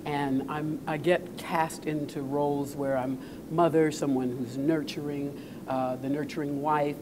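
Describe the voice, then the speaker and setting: A woman's voice: sits low, steady tone, unhurried, noisy background. An older woman, an actress guest, answering interview questions in an earnest way, often repeating words as she thinks.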